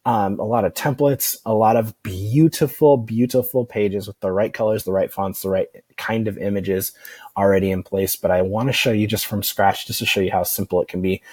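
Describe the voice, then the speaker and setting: A man talks through a screen-recorded software tutorial in an easygoing, meandering way, often pausing with "um" and restarting his sentences. His voice sits on the low side, and the recording is close and dry. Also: slightly rough, no echo. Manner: relaxed, rambling, many fillers and restarts. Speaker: online marketing instructor.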